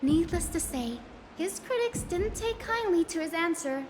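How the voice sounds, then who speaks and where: A bright young game heroine telling a story. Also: female voice, very high-pitched, normal speed, slight background noise. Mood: storytelling. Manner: animated storyteller, recounting events. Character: earnest young woman guide in a fantasy game. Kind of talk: game character dialogue. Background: game music.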